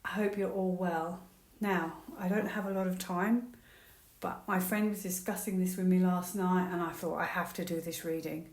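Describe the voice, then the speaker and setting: A woman's voice: lowish voice, normal speed. Chatty woman tarot reader, echoey room. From United Kingdom. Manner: chatty, excitable, conspiratorial. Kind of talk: casual tarot reading to camera.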